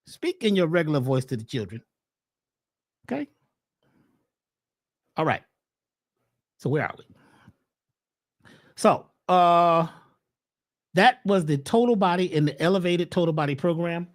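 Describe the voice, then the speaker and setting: A man presenting herbal health advice in a casual livestream talk, preachy and animated, throwing out rhetorical questions. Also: fairly high pitch, measured pace, long pauses.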